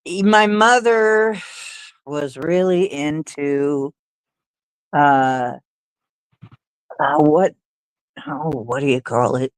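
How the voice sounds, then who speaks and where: A woman's voice: sits low, drawn-out words, pauses often, clean tone, no room sound, poor audio. A woman hosting a livestream, telling stories in a rambling, hesitant way with many fillers and little laughs. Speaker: livestream host. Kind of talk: casual storytelling chat.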